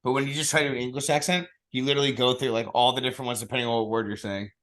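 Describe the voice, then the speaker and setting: A man co-hosting a podcast in loose, casual chat. He swears freely, tells rambling stories and talks over the other host. His voice sits at a middle pitch. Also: steady tone, very fast, fairly bright tone.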